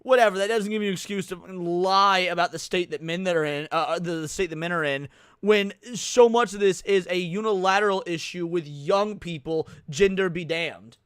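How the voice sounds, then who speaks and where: Brief: male streamer, high smooth voice, dry close sound, profane and rambling. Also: moderate pace, a bit bright, no room sound. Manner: rambling, profane, joking, many restarts. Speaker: stream host reacting to videos. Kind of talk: casual live reaction stream.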